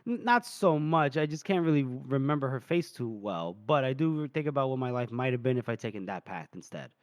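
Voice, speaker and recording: A man's voice: medium pitch, lively intonation, brisk, no room sound, clean studio sound, close to an everyday voice. A man voicing a weary veteran war captain, tired and wistful.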